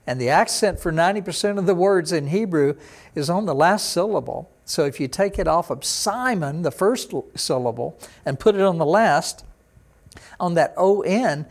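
A middle-aged male pastor giving a sermon, explaining Hebrew words and pronunciation in a teaching manner. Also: on the high side.

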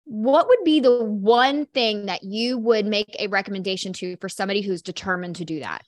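A woman's voice: mid-range voice, moderate pace, few pauses, no room sound, clean studio sound. A woman hosting a podcast, reflecting aloud and asking her guest questions in a casual, thoughtful way. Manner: reflective, thinks aloud with fillers. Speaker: podcast host. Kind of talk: conversational interview.

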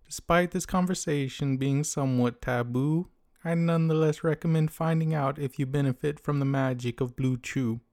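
A man's voice: normal speed, a little mellow, dry recording, studio quality, lightly acted. A man doing a put-on Italian accent as a boastful man selling a pill in a comic rhyming ad. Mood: hammy boastful. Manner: hammy mock-seductive sales pitch.

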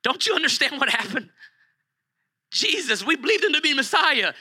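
A man's voice: very high-pitched, sing-song, moderate pace, sharp tone, voice pushed up, full character voice. A male preacher voicing a grieving, bewildered young woman who pleads with urgent questions. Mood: frantic.

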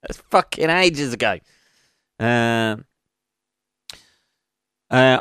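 A man's voice: mid-range voice, unhurried, fairly bright tone, smooth, dry recording. An English man, a comedian hosting his own podcast, rambling casually with lots of swearing and self-mocking asides into a close mic.

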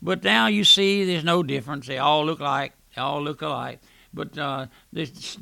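A man's voice: a little high, vocal fry, pushed and bright, no room sound. An older man preaching a radio sermon, earnest, often restarting words and calling the listener "my friend".

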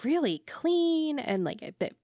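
A woman's voice: high-pitched, unhurried, no echo, clean studio sound. A woman chatting casually, telling stories animatedly and acting out the people she quotes. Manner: animated, acts out quoted lines. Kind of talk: casual chat.

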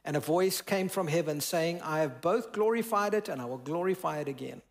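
A man's voice: fairly high pitch, expressive, normal speed, hardly any pauses. A male pastor preaching a sermon in church, reading scripture aloud and explaining it, asking the congregation questions and drawing out words for emphasis.

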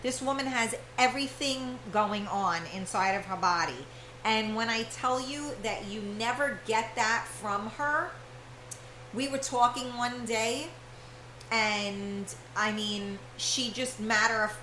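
A woman's voice: on the high side, a little slow, pushed and bright. Woman, radio talk host, chatty, lots of ums and restarts, mid-range voice, roomy echo, faint background hum. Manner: chatty, many fillers and restarts. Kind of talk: casual live radio interview.

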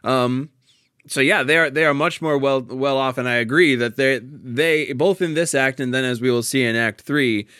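A man's voice: medium pitch, normal speed, pushed and bright, clear, resonant tone, no echo, studio quality. A man in a casual, thoughtful discussion of a play, often restarting his sentences and laughing lightly.

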